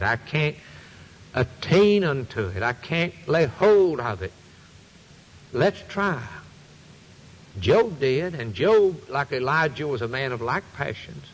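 A man's voice: fairly high pitch, slightly rough, big-room sound, poor audio. A man preaching a sermon, quoting scripture in old-fashioned phrasing with a swooping, rhythmic delivery.

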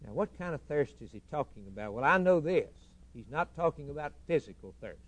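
Man preaching, loud surges and soft drops. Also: on the high side, sing-song, moderate pace, no echo. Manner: swells loud for emphasis, then drops to a hushed tone; builds long repeating lists. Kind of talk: sermon.

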